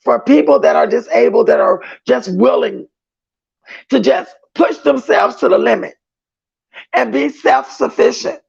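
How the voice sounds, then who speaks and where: High gravelly man gossiping on a livestream. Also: very animated, a little slow, a little mellow, highs cut off. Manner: chatty and gossipy, greets viewers as boo. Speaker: livestream host. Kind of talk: casual chat reading viewer comments.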